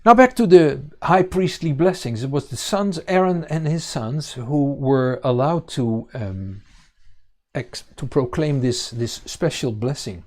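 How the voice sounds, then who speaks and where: A man teaching a congregation on scripture, pausing often with fillers and restarting his sentences. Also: medium pitch, a little mellow. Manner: halting, many fillers and restarts. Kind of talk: bible teaching.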